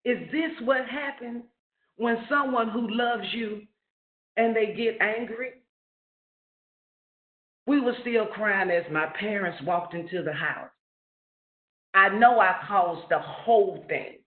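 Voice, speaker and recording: A man telling a personal family story in an earnest, storytelling way on a webinar call. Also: high voice. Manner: slow, earnest storytelling with rising questions. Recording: roomy, phone-like lo-fi webinar audio.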